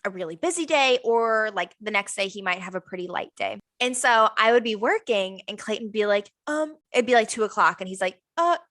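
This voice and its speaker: A young woman, co-hosting a casual podcast and telling an animated story, acting out the other people's lines. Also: mid-range voice, brisk, few pauses, no echo. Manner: animated storytelling, acts out quoted dialogue. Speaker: podcast co-host. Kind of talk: casual chat.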